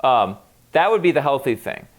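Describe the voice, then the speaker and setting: A man's voice: medium pitch, big pitch swings, normal speed. A man co-hosting a podcast, talking frankly and with some swearing in casual chat, often acting out quoted lines. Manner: frank and profane, acts out quoted dialogue. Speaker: podcast co-host.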